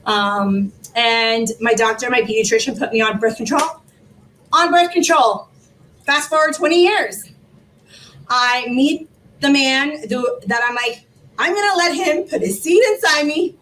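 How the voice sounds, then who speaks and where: A woman in her forties, a foundation founder telling her story in an interview, animated and rambling, with many fillers. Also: a little high, measured pace. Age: 40s. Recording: distant mic with faint background noise.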